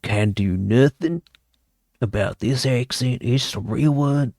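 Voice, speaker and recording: A man putting on an exaggerated, slow, twangy rural American drawl as a boastful character. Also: mid-range voice, vocal fry, a little mellow, no room sound, clean studio sound.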